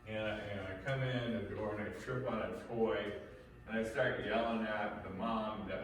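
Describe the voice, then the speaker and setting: A man's voice: on the low side, fairly even intonation, normal speed. A male instructor lectures his class in a loose, rambling way, full of "you know" and restarts. His mid-range voice bounces around a very echoey room. He is picked up from a distance over faint background noise. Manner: rambling, conversational, many fillers and restarts. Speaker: martial arts and life-skills instructor.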